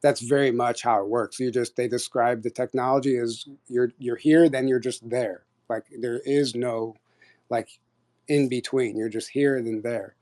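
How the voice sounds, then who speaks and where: A man in the middle of a long, casual story, his speech packed with "like" and quick restarts. His voice sits at an ordinary, middle pitch, and he tells it in an animated, rambling way. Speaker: guest storyteller on an audio chat.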